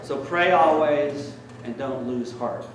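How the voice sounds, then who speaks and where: A fairly high-voiced priest preaches slowly in a church, relating stories in a relaxed, conversational manner peppered with fillers. Recorded from a distance in an echoey space, with a bit of background noise.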